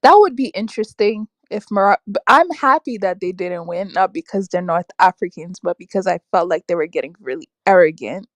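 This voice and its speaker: A young woman hosting a casual livestream, reacting aloud to her chat with lively, exclamatory talk. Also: on the low side, a little fast, few pauses, no echo. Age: young adult. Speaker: livestream host reading chat. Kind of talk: casual live-stream chat.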